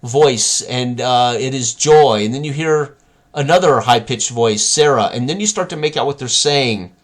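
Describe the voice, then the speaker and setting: A man's voice: medium pitch, moderate pace. A man narrating a tabletop game as game master, describing scenes while he searches for words.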